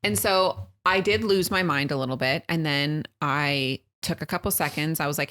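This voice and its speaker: A woman in her thirties co-hosting a podcast, telling a family story with lively acted-out quotes. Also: deep voice, moderate pace, few pauses. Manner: animated storytelling, acts out her kids' and her own quotes. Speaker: podcast co-host. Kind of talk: casual chat.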